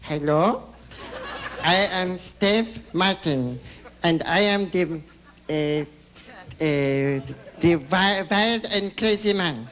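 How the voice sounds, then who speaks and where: A man putting on a timid foreign man who speaks in halting broken phrases with hesitant pauses, as a stand-up character act. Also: high-pitched, a bit bright. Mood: shy. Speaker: comedian. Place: TV studio stage before an audience. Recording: live stage audio with audience noise.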